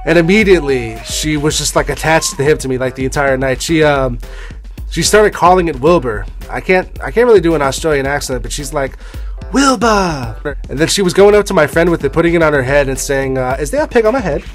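A man's voice: a little high, quick pace, faint music behind. A young man telling a personal story in a rambling, offhand way, with the odd swear word. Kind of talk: casual storytelling.

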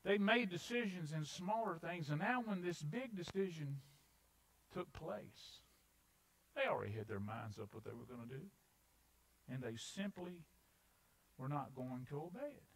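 Male preacher, highish voice, lively swings in pitch, dramatic scripture reading; church sermon. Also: measured pace, pauses often, breathy edge, low-quality recording. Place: church sanctuary.

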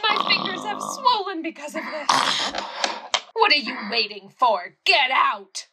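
A woman playing a proud young widow in a radio play, shouting indignant orders. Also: high voice, very animated, a little slow, exaggerated voice. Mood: furious. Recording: loud background noise.

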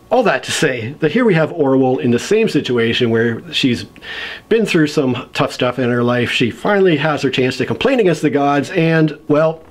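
A middle-aged man giving a casual spoken book review, retelling a story in an animated, playful way. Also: medium pitch.

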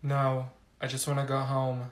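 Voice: monotone, measured pace, noisy background, lightly acted. A performer doing a bored, muttering student. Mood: grumbling. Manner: low, grumbling, mumbled asides. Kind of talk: comedy skit role-play.

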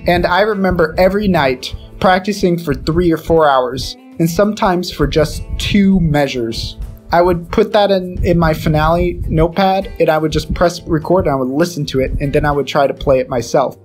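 A man's voice: a little high, normal speed, faint music behind. A young man chatting casually as a podcast co-host, rambling with lots of fillers and scatting melodies aloud. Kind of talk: casual chat.

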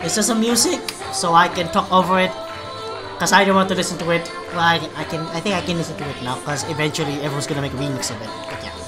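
A woman hosting a casual reaction video, excitable and swearing freely. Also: fairly low pitch, fast, music in the background.

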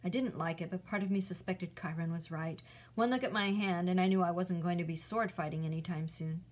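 A woman's voice: lowish voice, fairly even intonation, brisk, darkish tone, low-quality recording. Woman reading a chapter book aloud.

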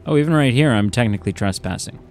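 A young man talks his way through a stealth game, cracking little jokes to himself as he plays. His voice swings up and down with lively pitch. Soft game music sits quietly behind him. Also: fast. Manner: jokey, talks to himself while playing. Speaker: gaming YouTuber. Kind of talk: casual let's play commentary.

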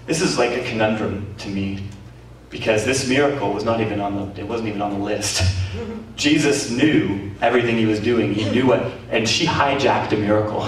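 A man preaching a sermon as pastor, telling stories with lively energy, acting out quoted voices and laughing often. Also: fairly low pitch, normal speed. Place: community centre hall. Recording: very echoey hall, voice from far off, faint noise.

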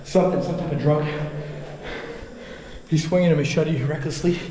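A young Canadian man filming a vlog in an abandoned building, frantic, shouting in bursts and then dropping to whispers. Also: a little high, moderate pace, echoey room, in a large hall, a crowd in the background. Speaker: vlogger. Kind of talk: handheld exploration vlog. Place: abandoned resort building, indoors. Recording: noisy handheld camera audio.

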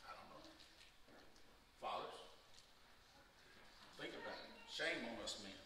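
A man's voice: on the low side, expressive, slow. Man preaching in an echoey church. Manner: conversational, with rhetorical questions to the men. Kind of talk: sermon. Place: church sanctuary. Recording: echoey hall from far off, audible noise.

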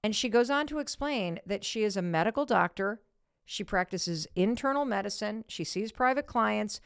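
A middle-aged woman hosting a podcast, telling a story in a casual, animated way and acting out quotes in a high voice. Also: normal speed, creaky, smooth, no echo, clean studio sound. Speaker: podcast host.

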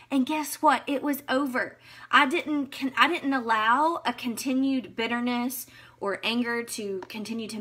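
Bright earnest woman leading Bible study. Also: a little high. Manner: earnest, conversational, answers viewers by name. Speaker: women's Bible study leader. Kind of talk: live-streamed devotional talk.

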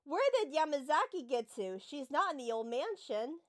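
A worried young hero in a horror game, asking after a missing friend, voiced by a woman reading his lines. The voice is high and lively in pitch, read plainly. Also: moderate pace. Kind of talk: reading game dialogue aloud.

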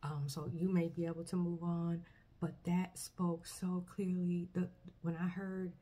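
A woman with a low, dark, husky voice speaks to camera in a personal faith testimony. She talks in an earnest, soft-spoken way, often pausing and restarting her sentences. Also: level tone. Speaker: vlogger.

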